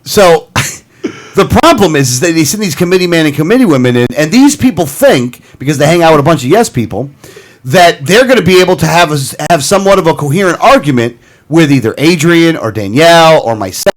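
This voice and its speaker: A male radio host with a high, lively voice that swings up and down as he rants. He bursts into heated commentary, then laughs and apologizes. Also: fast. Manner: animated, ranting, self-interrupting with laughs. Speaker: radio talk show host. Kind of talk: political talk radio banter and rant.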